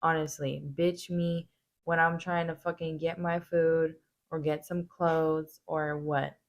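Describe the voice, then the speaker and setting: A woman's voice: low-pitched, flat delivery, slow pace. Blunt, foul-mouthed woman host. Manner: blunt, heavy swearing. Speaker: reaction video host. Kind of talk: casual profane commentary.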